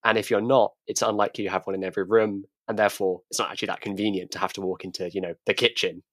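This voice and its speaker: A man's voice: fairly low pitch, flat delivery, rapid-fire, a bit bright, dry recording. A man co-hosting a tech podcast, talking thoughtfully and often restarting his words. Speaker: podcast co-host. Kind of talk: casual tech discussion.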